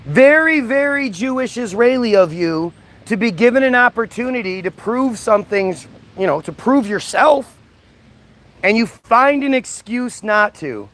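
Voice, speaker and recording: Fast, combative high-pitched man ranting. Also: expressive, a bit bright. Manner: combative and mocking. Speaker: live streamer. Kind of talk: livestream rant, reading out and answering chat.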